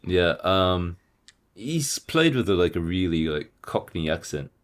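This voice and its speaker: In a low-pitched, unhurried voice, this book podcast co-host keeps the chat about books casual. He tells stories with animation, laughing along the way and playfully imitating other voices.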